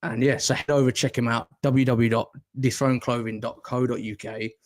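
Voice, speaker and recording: A man's voice: medium pitch, fairly even intonation, fairly quick. A man with a Northern English accent hosts a casual podcast chat. He rambles, swears freely and laughs at his own fumbles. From Northern England. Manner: rambling, sweary, self-deprecating. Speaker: podcast host.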